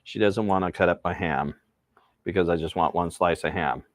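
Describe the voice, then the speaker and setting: A man's voice: low voice, moderate pace, dry recording, clean studio sound. A man hosting a casual cooking livestream, chatting and rambling to his viewers while he cooks outdoors. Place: outdoors by a pizza oven.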